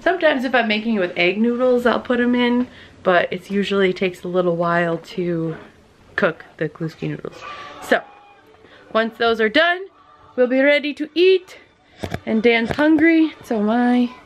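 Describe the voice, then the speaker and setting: A woman's voice: on the high side, lively intonation, moderate pace, a little hiss or hum, poor audio. A woman chatting casually in a home vlog, explaining what she is doing as she goes. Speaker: vlogger cohost. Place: home kitchen and living room.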